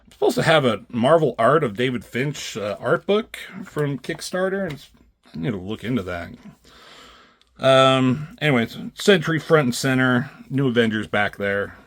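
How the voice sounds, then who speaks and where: A man's voice: medium pitch, sing-song, moderate pace, a bit bright. A man reviewing comic books in a loose, rambling way, swearing freely and often correcting himself. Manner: loose and profane, with many fillers and self-corrections.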